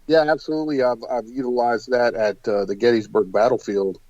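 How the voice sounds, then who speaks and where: A man being interviewed about paranormal investigations, telling stories in an animated, hesitant way full of fillers. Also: mid-range voice, brisk, no room sound, dull audio. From United States. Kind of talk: casual interview storytelling.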